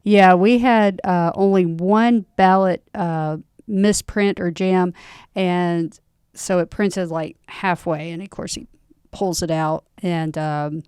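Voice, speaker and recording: A woman chatting casually about poll-watching stories, chiming in with quick agreement. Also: on the low side, steady tone, darkish tone, clean tone, no room sound, studio quality. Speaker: poll watcher recounting experiences. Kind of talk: casual storytelling chat.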